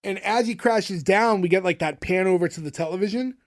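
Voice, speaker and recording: In a high-pitched, slightly fast voice, a male podcast co-host gives a casual, meandering recap of a show episode, retelling scenes with plenty of filler words.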